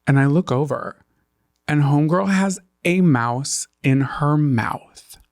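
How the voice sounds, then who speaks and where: Gravelly, animated male podcast co-host. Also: on the high side, slow, no room sound, studio quality. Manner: animated storytelling, rising to squeals when excited. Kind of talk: casual podcast chat.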